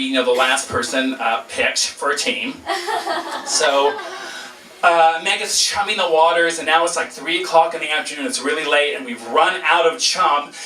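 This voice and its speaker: In a roomy, echoing space, a man tells an audience a funny personal story, animated and self-mocking, acting out voices and sounds. His voice is a little high.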